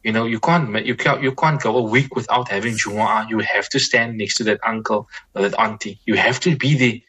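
A man, speaking as a Muslim scholar guest in a reflective conversation, measured and repeating words as he thinks. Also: on the low side, pushed and bright, husky, low-quality recording.

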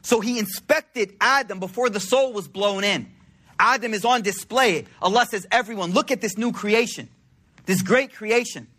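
A man preaches to his listeners in a loose, storytelling way, full of slang and acted-out dialogue. His voice sits high and sounds bright, with a slightly husky grain. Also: normal speed. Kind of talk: informal sermon.

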